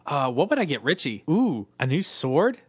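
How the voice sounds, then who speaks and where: A man co-hosting a podcast, chatting casually and reading listener emails in an animated, joking way. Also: a little high, normal speed, husky, dry recording. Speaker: podcast co-host.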